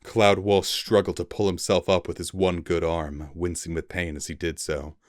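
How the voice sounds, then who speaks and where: A man reading a fantasy novel aloud in a dramatic storybook style with pauses for effect. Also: deep voice, little pitch movement, no room sound, clean studio sound. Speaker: reader.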